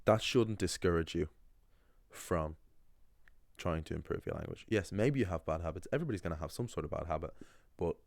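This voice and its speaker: With a low, animated voice and a fairly quick pace, a young Irish host of a language channel chats to camera in a rambling talking-head monologue packed with fillers and restarts. The sound is clean studio quality, without any room sound.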